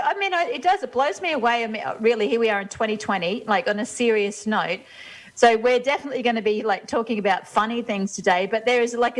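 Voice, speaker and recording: A woman co-hosts a casual talk show in a mid-pitched voice. She talks earnestly and with emphasis, often restarting her sentences as she explains her research. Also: poor audio. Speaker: co-host. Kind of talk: casual chat.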